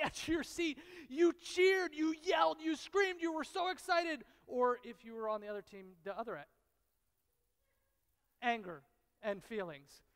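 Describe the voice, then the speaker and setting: High-voiced man preaching in a reverberant hall. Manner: swings from hushed, intimate lines to loud, excited bursts; storytelling with repetition and dramatic pauses. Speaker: pastor. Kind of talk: sermon. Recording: long reverb of a large hall.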